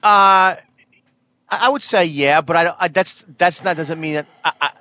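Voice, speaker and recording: A man's voice: on the high side, moderate pace, pushed and bright. A man in his fifties from New Jersey in casual chat, indignant and blustery, swearing and tripping over his words.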